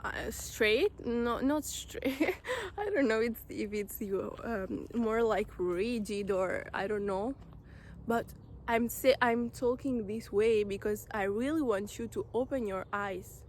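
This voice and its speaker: A woman's voice: fairly high pitch, takes it slowly, slight background noise. A woman giving an earnest, direct motivational talk to camera, repeating phrases for emphasis. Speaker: self-help vlogger.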